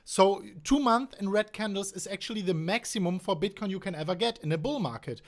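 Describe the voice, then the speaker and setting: A man with a German accent hosting a casual market talk on a call, animated and speaking slightly broken English. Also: sits high, brisk. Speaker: host.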